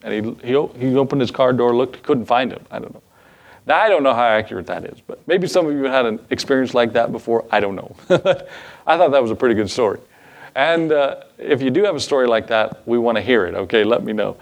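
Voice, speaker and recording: A man's voice: mid-range voice, animated, fairly quick, gravelly. A male pastor preaching a sermon in a casual, folksy way, with asides and chuckles.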